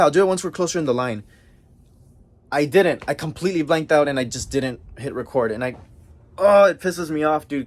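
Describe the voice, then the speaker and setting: A young man telling a story in a casual vlog, excited and chatty, with lots of slang and fillers, recorded indoors at home. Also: mid-range voice. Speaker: vlogger.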